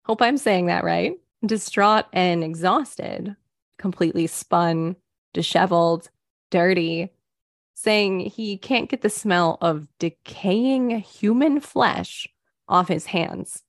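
Woman on a crime podcast, takes her time, gravelly voice, dry little quips. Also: fairly low pitch, no echo. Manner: wry and unhurried, dry asides. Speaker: podcast co-host. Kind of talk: casual true crime chat.

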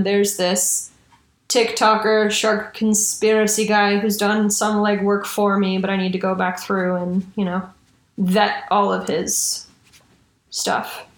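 A woman's voice: mid-range voice, little pitch movement, unhurried, reverberant. A woman hosting a casual true-crime podcast, chatty and swearing casually. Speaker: podcast host.

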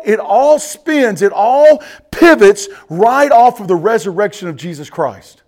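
Man, pastor, high voice, sermon, emphatic swings from loud to hushed. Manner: preaching with emphatic rises and drops, addressing the congregation directly.

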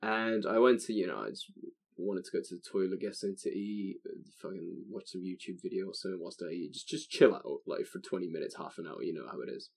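A man's voice: sits low, fast talker, gravelly, a little mellow. A young man telling a long story in casual chat, swearing often and rambling with restarts into a desk microphone. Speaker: podcast co-host telling a story.

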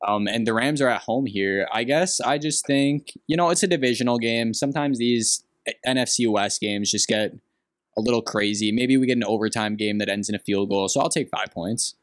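A man's voice: mid-range voice, normal speed, no room sound, studio quality. A young man from Green Bay co-hosting a podcast, giving blunt, opinionated takes in casual sports chat. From Green Bay, Wisconsin. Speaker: podcast co-host.

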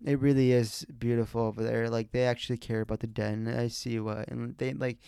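A young man hosts his own podcast, talking in a rambling, unscripted way with constant restarts and casual swearing. His voice has a gravelly, mellow tone. The recording is dry and close. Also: medium pitch, level tone, fairly quick, no room sound. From USA. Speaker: podcast host.

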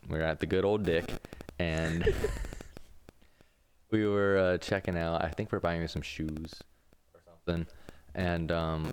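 A man's voice: deep voice, a little mellow, slight background noise. A young man co-hosting a casual podcast, telling rambling stories full of fillers and laughter. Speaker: podcast co-host. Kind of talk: casual chat, storytelling.

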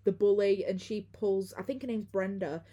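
A woman's voice: mid-range voice, fairly even intonation, moderate pace, warm tone. A young woman hosting a podcast, recapping a film in a chatty way and laughing easily. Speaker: podcast host. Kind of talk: casual film recap chat.

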